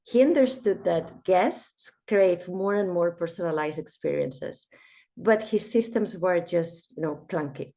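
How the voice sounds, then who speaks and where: A woman with a croaky voice from a cold, giving a webinar presentation and speaking directly to her listeners. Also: on the low side, measured pace, warm tone. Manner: storytelling, addresses listeners directly.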